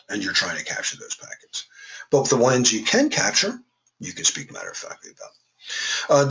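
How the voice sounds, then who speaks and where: A man's voice: fairly low pitch, creaky, pushed and bright, low-quality recording. A man teaching a class in a casual, conversational way, with joking asides. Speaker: instructor. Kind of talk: classroom lecture.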